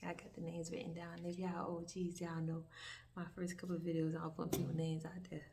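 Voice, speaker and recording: A young woman with a fairly low, gravelly voice talks a bit quickly, rambling through a profane story for her casual storytime vlog. Lots of animated asides pepper the telling, and the recording is distant with a soft background hiss.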